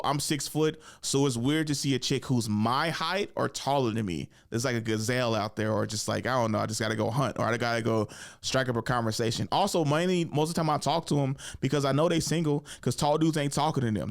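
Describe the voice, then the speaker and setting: A man's voice: mid-range voice, fairly quick. A young adult man, a comedian and host, talking casually and animatedly in a solo monologue, laughing often and putting on voices.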